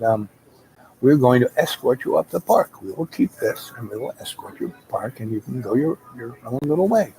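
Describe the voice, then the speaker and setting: A man doing a brisk, businesslike man in charge. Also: mid-range voice, dark tone, close to an everyday voice, poor audio.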